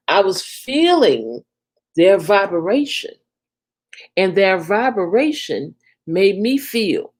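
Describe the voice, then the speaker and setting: Slow, lively spiritual woman. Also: lowish voice. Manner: slow, lively delivery, ending phrases with a soft "okay?". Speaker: spiritual reader hosting a live stream. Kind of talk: spiritual guidance talk on a live stream.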